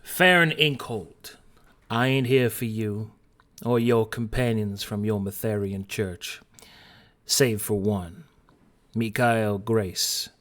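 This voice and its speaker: A man voicing a mysterious, courteous stranger in black with a soft, smooth Southern drawl, calm and quietly menacing. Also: lowish voice, slow pace. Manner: courteous but threatening.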